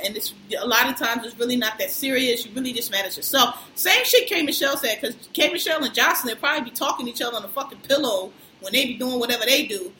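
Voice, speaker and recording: A woman's voice: fairly high pitch, fast, hardly any pauses, pushed and bright, slight background noise. A woman in casual chat, telling a story animatedly, acting out what people said and laughing often. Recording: roomy echo.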